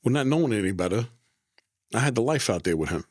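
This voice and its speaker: A man's voice: medium pitch, expressive, fast, no echo, clean studio sound. A middle-aged man, telling rambling stories in a casual interview and often restarting his sentences. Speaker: guest, former mobster.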